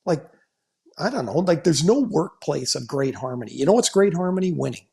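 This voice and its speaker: A man's voice: on the high side, big pitch swings, brisk, vocal fry, mellow. A middle-aged man, a former player, co-hosting a casual sports podcast and telling stories in a blunt, joking way. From Canada. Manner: blunt, storytelling, laughing asides.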